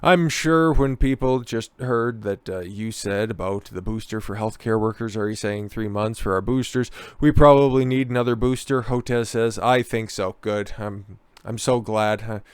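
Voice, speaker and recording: A man's voice: fairly low pitch, moderate pace, clean tone, no echo. A man hosting a political commentary show. He talks sarcastically and swears often, with mocking asides.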